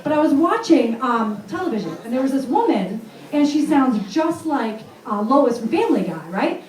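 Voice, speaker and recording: A woman's voice: sits high, big pitch swings, moderate pace, a little mellow, roomy sound, far from the mic, rough recording. A woman from Vermont in her thirties doing a brash, self-mocking stand-up set in a comedy club. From Vermont, USA.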